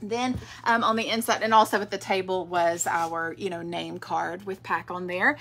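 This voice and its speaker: A woman's voice: lowish voice, steady tone, normal speed, fairly bright tone. A woman, chatting casually in a product vlog, rambling with fillers. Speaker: direct sales director.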